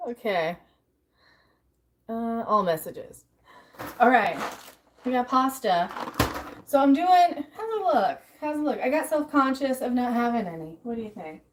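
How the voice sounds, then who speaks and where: Woman, fairly high voice, livestream host, casual cooking chat, thinks out loud, talks to viewers. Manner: chatty, talks to herself and answers chat while cooking. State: out of breath at times.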